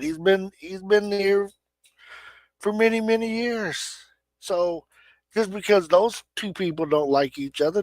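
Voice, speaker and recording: Man, American Midwestern accent, middle-aged, casual livestream chat, emphatic, somewhat high voice, dry close sound. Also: no room sound, rough recording. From Indiana, USA. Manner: plain-spoken and emphatic. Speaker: livestream host.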